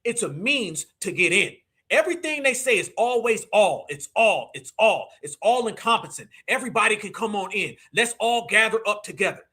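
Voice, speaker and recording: Male stream host, very high voice with a sharp edge, mocking and preachy, breaks into shouts. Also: expressive, moderate pace, breathy edge. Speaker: livestream host. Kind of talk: live commentary stream.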